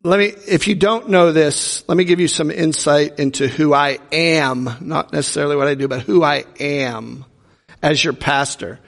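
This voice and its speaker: A man's voice: fairly high pitch, normal speed, creaky. A male pastor preaching a sermon with humorous storytelling, acting out the voices of the people in his stories. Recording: long reverb from a large hall.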